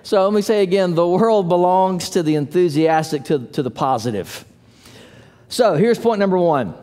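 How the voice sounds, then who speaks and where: A man preaching a sermon as pastor, telling stories in an animated, playful way with little voices for the characters. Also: high-pitched, normal speed. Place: church sanctuary. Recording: long hall reverb.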